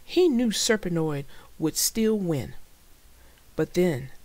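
A woman narrating a children's storybook with a slow, expressive delivery. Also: fairly low pitch, dry recording. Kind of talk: reading a children's book aloud.

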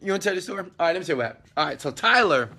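A man's voice: high voice, lively intonation, racing, pushed and bright. A man chatting loosely on a live stream from a hotel suite, hyping his business coaching and filming with a phone at arm's length. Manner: loose and chatty, hype-driven. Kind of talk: casual live-stream chat.

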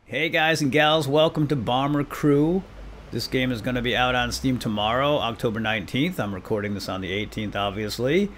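A man in the middle of his range talks viewers through a game in an easygoing, self-deprecating way. Every so often he shouts mock commands at the crew on screen. Faint room ambience sits behind his voice. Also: mid-range voice, normal speed, slight background noise. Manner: chatty and self-deprecating, addressing viewers directly. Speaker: gaming channel host. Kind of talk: let's play commentary.

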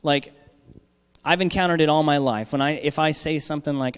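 A male pastor preaches in a relaxed, conversational way, often pausing to ask "all right?" to check in with his listeners. His voice sits at a middle pitch and carries a long reverb, as if it is filling a church hall. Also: clean tone. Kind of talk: sermon.

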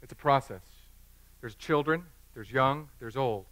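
A man's voice: mid-range voice, a little slow, fairly bright tone. A pastor in his thirties preaching a sermon in a church, joking and conversational.

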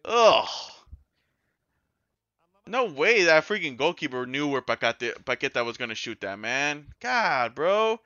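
A man giving casual, excitable gameplay commentary as a gaming YouTuber, yelling and swearing when the game goes wrong. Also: on the high side, unhurried, no echo, lo-fi sound.

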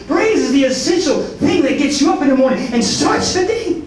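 A man's voice: very high-pitched, expressive, normal speed. A man who is a soldier gives a colloquial, conversational testimony sermon at a prayer breakfast. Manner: colloquial and conversational, with repeated words and asides. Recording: very echoey hall, voice from far off, faint noise.

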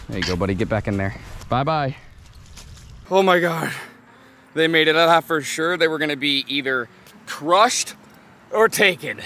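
Out by a canal, a young man records an excited fishing vlog on an action camera, with plenty of exclamations. He has a mid-range, fairly bright voice, and slight background noise can be heard.

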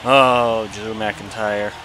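A man giving casual let's-play commentary over a wrestling video game, chatty and excitable and laughing often. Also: fairly low pitch, extremely slow, music in the background. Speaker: gameplay commentator.

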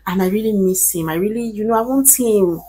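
A woman's voice: medium pitch, brisk, mellow, breathy edge. A woman vlogger talking straight to her viewers, giving earnest advice and pleading with emphasis. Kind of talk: casual advice talk to camera.

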